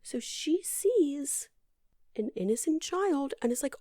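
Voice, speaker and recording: A woman's voice: sits high, animated, slow pace, warm tone, no room sound. A woman podcast host giving a casual movie recap in a dry, sarcastic, rambling way.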